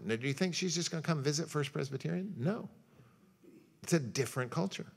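A man's voice: on the high side, lively intonation, fairly quick, vocal fry, husky. A man speaking as a pastor at a church luncheon lecture, telling folksy stories and acting out quotes as he makes his point. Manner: folksy storytelling with jokes and acted-out quotes. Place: church hall.

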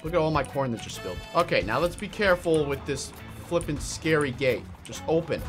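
A young man giving excited, jokey gameplay commentary as a YouTuber, often shouting when things go wrong. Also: on the high side, brisk, over music. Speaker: gaming YouTuber.

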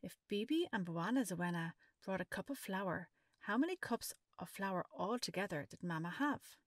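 A woman reading a children's picture book aloud as a storyteller, expressive and stopping to ask the listener maths questions. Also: medium pitch, normal speed, dry recording, clean studio sound.

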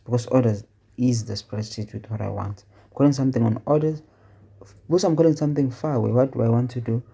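A man teaching spreadsheet formulas in a casual tutorial, talking things through out loud and asking himself questions. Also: medium pitch, vocal fry, slightly rough. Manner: conversational, asks questions and answers them himself; thinks aloud with fillers and self-corrections. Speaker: Excel tutor. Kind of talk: casual screen-recorded tutorial.

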